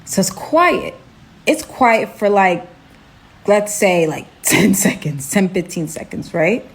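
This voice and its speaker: A young woman from Brooklyn tells a storytime vlog. She is animated and chatty, dropping "like" and "right?" all through it. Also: medium pitch, slow pace. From Brooklyn, New York.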